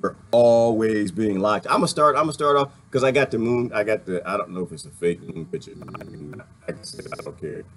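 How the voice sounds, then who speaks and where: A man's voice: lowish voice, animated, fairly quick, few pauses, fairly bright tone. A man delivering a rambling, heated and sarcastic monologue as a video commentator, laughing now and then between points. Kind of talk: ranting monologue.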